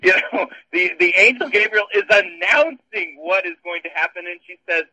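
Bright-voiced pastor on a thin line. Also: male voice, high-pitched, normal speed, few pauses, no room sound, rough recording. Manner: wry, explanatory, with dry humor. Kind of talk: casual theological discussion.

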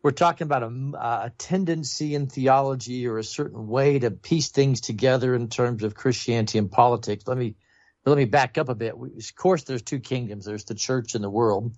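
A man's voice: mid-range voice, fairly quick, darkish tone, dry recording, highs cut off. A man, a pastor, is a guest on a talk program, explaining theology in an earnest, explanatory way.

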